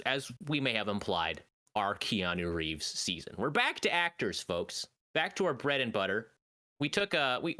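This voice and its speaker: Man, podcast co-host, bright voice, very lively pitch, jokey movie chat, dry room. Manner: animated, jokey, swings his voice up and down. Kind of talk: casual comedic movie review chat.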